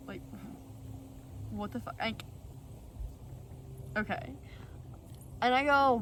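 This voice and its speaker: A woman's voice: mid-range voice, slow pace, pauses often, a bit bright, recorded from a distance, a little hiss or hum, low-quality recording. A young woman vlogger telling a personal story in a rambling, blunt way, full of fillers and the odd swear. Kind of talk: casual storytelling.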